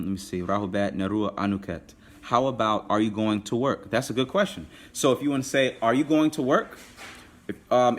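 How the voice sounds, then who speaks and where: A man teaching a live online language class, patiently repeating phrases slowly. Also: fairly low pitch.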